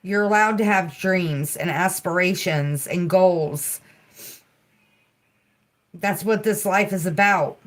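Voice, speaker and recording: A woman hosts a healing livestream, taking her time over every word. Her voice sits a little low, and she moves between gentle, soothing affirmations and easy chat broken up by soft giggles. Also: takes it slowly, long pauses. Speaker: livestream host.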